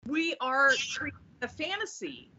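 A woman with a fairly high, bright voice, speaking as a podcast guest. She is earnest and restarts her sentences as she works through her thoughts. The sound is dull and lo-fi. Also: expressive, measured pace. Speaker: guest, executive producer. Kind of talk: casual conversation. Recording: dull lo-fi recording.

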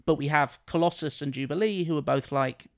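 A man co-hosting a podcast, explaining his film pitch in a rambling, hesitant way full of fillers. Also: brisk. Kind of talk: casual chat.

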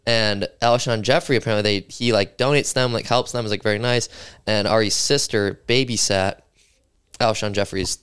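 A man's voice: on the low side, fairly even intonation, normal speed, fairly bright tone, clean tone. A young man telling a story in casual chat, rambling, full of "like" and casual swearing. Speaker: podcast guest.

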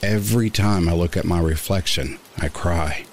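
A man reading a first-person horror story aloud in a measured, somber narration. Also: low voice, slight background noise. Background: rain sounds.

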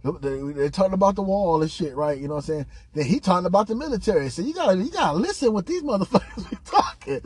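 A man with a high voice and a husky, breathy edge holds forth on a casual podcast. He tells a rambling, profane story, laughs often and jumps into exaggerated impressions of other people. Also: big pitch swings, fast talker, hardly any pauses, a little mellow, no room sound. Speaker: podcast host. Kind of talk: casual chat.

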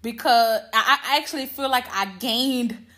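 A woman's voice: fairly high pitch, a little slow, pushed and bright. A woman hosting her own podcast, telling a personal story in a candid, profane, casual monologue and acting out the dialogue. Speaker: podcast host.

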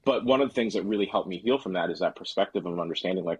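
A man chatting as a podcast guest, relaxed and rambling with lots of filler words. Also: low-pitched, very fast, breathy edge, no room sound, dull audio. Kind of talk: casual podcast chat.

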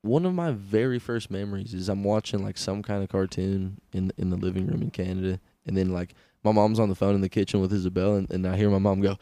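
A man's voice: low-pitched, fairly even intonation, fast talker, few pauses, warm tone, no room sound. A young man co-hosting a podcast, telling stories animatedly and laughing often. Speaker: podcast co-host. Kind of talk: casual comedic chat. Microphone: studio microphone.

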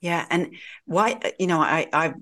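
A woman interviewer with a notably low voice for a woman. She listens closely, adds small "yeah"s, and asks her questions in a halting way, restarting sentences before she lands them. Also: a bit bright. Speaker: host. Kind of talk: casual interview.

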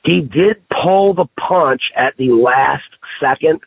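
A man on a podcast telling stories in a casual, profane, animated way. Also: a little high, slow, gravelly, slightly rough, dry recording. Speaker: podcast guest. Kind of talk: casual storytelling chat. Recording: tinny phone-line sound.

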